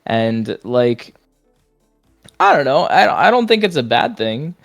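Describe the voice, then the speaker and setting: A man's voice: mid-range voice, big pitch swings, takes it slowly, gravelly, over music. A man chatting as a podcast guest, easygoing and rambling with casual swearing.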